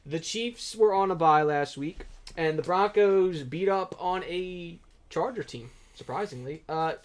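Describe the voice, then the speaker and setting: A man's voice: sits high, a little slow. A man co-hosting a casual sports picks chat, steering the segment and stating firm opinions. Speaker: podcast co-host running the picks.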